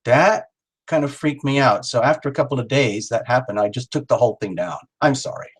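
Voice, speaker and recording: A man's voice: mid-range voice, brisk, husky. A middle-aged man hosting a live tarot stream, rambling and joking as he calls out viewers by name. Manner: jokey, rambling, talks straight to viewers by name.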